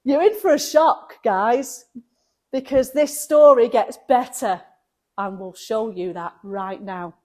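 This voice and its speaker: A woman hosts a casual vlog, talking straight to her viewers in a slightly high voice. She is emotional and quick to laugh, and thanks people warmly as she goes. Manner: warm, emotional, laughs often. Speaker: vlogger leading a car restoration. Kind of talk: casual chat to camera.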